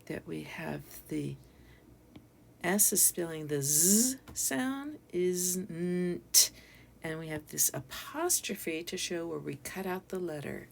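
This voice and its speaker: A woman's voice: lowish voice, slow, creaky, slight background noise. A woman teacher giving a patient phonics lesson to young children, sounding out letters and syllables one by one.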